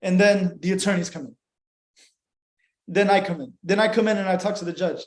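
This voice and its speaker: A man's voice: high-pitched, a little fast, reverberant. A young adult man, an attorney talking as a guest in a casual interview, telling his story in an emphatic, profane, fired-up way.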